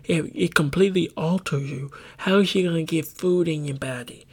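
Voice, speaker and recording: A man hosting a podcast, ranting in a casual, profane, rambling monologue with sudden high-pitched outbursts. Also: normal speed, darkish tone, slightly rough. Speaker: podcast host.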